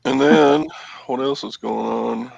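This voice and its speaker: A middle-aged man chatting casually as a co-host. His voice is heavily gravelly and slow, with a dry, wry humor. The sound is close and dry. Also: mid-range voice, fairly even intonation, darkish tone, no room sound, dull audio. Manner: wry, self-mocking. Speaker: show co-host. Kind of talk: casual chat.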